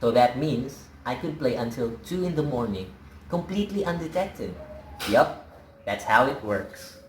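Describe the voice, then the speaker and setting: A lonely teenage boy , played by a young man, tells his story casually and wryly, at a mid pitch. His voice echoes around a bare room. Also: expressive, a little hiss or hum, lightly acted. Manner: casual, wry storytelling with slow drawn-out words. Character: hungry, lonely teenage boy missing home. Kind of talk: dramatic monologue in a student film.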